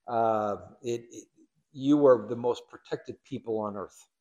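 Male pastor, sermon, conversational, wry humor, casual fillers, mid-pitched voice. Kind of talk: sermon with scripture reading and commentary.

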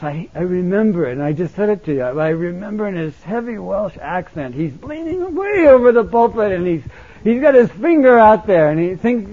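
A male pastor preaching with passion, his voice high and urgent, then dropping low and close. The sound is thin and tinny, like a phone line. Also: animated, normal speed. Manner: impassioned, swinging between loud exhortation and quiet intimacy. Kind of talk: sermon.

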